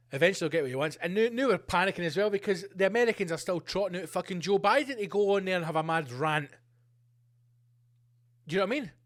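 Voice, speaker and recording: A man's voice: fairly high pitch, fairly bright tone. Sweary man ranting on his podcast. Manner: sweary, ranting, jumps between tangents. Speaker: podcast host. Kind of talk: solo podcast rant.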